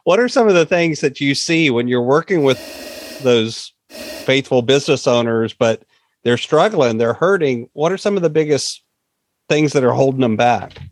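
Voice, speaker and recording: A man hosting a podcast, asking his guest questions in an unhurried, friendly way. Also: medium pitch, lively intonation. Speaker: podcast host. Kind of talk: interview questions.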